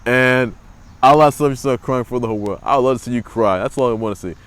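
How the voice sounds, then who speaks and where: A man's voice: medium pitch, fast, clear, resonant tone. A man hosting his own sports report, rambling in casual commentary, repeating phrases and mocking players.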